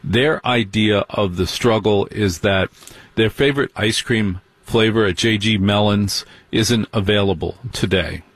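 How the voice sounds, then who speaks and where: A man telling a long comic story in stand-up style, sardonic and animated, with mocking asides. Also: fairly low pitch, a little slow, no echo. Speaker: comedian.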